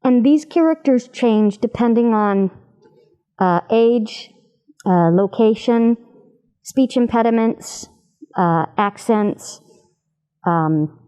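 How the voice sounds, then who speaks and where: A woman voice actor in an animated interview chat, demonstrating voices as she explains her craft. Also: mid-range voice, slow pace, long pauses, clear, resonant tone.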